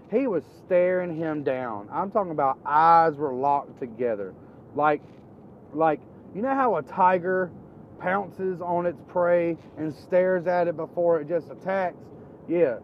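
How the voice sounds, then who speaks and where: A man's voice: a little high, phone-quality sound, slight background noise. Rambling Florida man spinning yarns. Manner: rambling, animated, quotes people in a raised voice. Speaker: storyteller. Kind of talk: casual storytelling.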